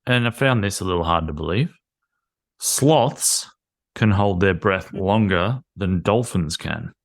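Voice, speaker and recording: A man hosting a podcast and chatting loosely with a guest. He jokes and laughs a lot in a somewhat low voice. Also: expressive, measured pace, gravelly. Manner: joking, chatty, laughs often. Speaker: podcast host. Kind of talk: casual chat.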